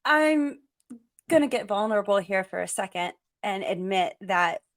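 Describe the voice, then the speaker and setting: A woman's voice: mid-range voice, lively intonation, moderate pace. A woman hosting a parenting podcast who talks openly and earnestly as she asks her guest questions. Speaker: podcast host. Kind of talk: conversational interview.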